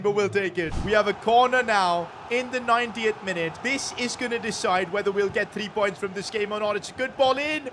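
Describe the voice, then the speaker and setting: High-voiced excitable gamer man. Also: a little fast, few pauses, slight background noise. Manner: excitable, shouts at big moments. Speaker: gaming YouTuber. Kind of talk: video game commentary.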